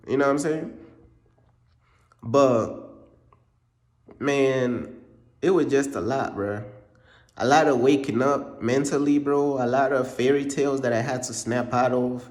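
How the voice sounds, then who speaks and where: A man's voice: medium pitch, a little mellow. A young man from Uganda telling a casual storytime in a slangy, repetitive way, dropping in "bro" all the time. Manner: slangy, repeats points, drops in "bro" often. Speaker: vlogger. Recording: roomy echo.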